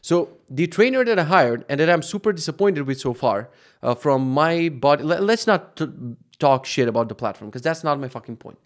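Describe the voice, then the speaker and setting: A man's voice: a little high, animated, moderate pace. Swearing man on a rambling podcast rant. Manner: profane, ranting, wandering off on tangents. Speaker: podcast host. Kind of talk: casual rambling monologue.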